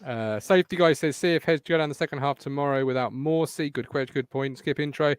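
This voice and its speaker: A man hosts a football podcast in a casual, teasing way, and he reads listener comments aloud. His voice sits a little high for a man and is recorded close and dry. He sounds animated and chatty throughout. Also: fairly quick, clear, resonant tone, no room sound. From England. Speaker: podcast host.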